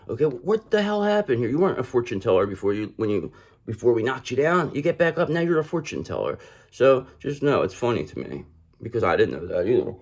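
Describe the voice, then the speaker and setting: A man's voice: mid-range voice, sing-song, fast talker. A man giving a casual tarot reading to camera, calling the listener "brother" and repeating his points. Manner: acts out other people in mocking quoted voices. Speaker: tarot reader.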